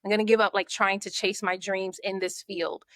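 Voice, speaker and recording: A woman, a podcast guest and marketing coach, telling her story in a lively way and acting out her own thoughts. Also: medium pitch, moderate pace, no echo, studio quality. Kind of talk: conversational storytelling.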